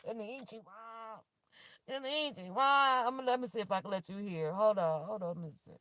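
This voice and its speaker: This vlogger talks fast in a mid-range voice, recorded dry on her phone camera while sitting in her car. Her casual rant to viewers is lively, exasperated, punctuated by laughter and plenty of swearing.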